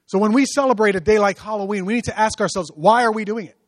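A male pastor preaching a sermon, moving from hushed storytelling to loud, rising exhortation. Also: high voice, expressive, fast talker, no echo.

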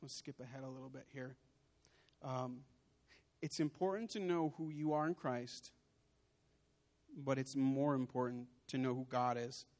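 A young adult man giving an emotional sermon testimony, building to forceful outbursts. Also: medium pitch, fairly even intonation, measured pace, pauses often. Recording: long hall reverb.

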